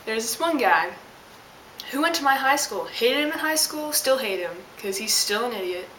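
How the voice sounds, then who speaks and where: A woman's voice: a little high, expressive, normal speed, fairly bright tone. A young woman telling an exasperated, sassy story as a casual vlog rant. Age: young adult. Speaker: vlogger. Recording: roomy, distant mic with hiss.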